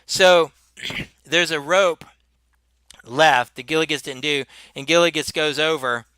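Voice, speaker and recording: Man, game master, tabletop narration, halting restarts, bright voice, dry close sound. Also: on the high side, clear, resonant tone, no echo. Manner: halting, many restarts, chuckling.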